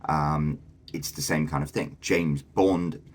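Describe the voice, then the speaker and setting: A man's voice: a bass voice, fairly even intonation, slow. A man, explaining things casually to camera as a vlogger, thinking aloud with fillers and restarts. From England.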